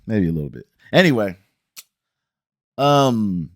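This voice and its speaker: A man's voice: fairly low pitch, sing-song, slow, no room sound, studio quality. A man from the Cincinnati area ranting bluntly and animatedly in a casual review vlog, with slangy, exasperated asides. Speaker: show reviewer and channel host.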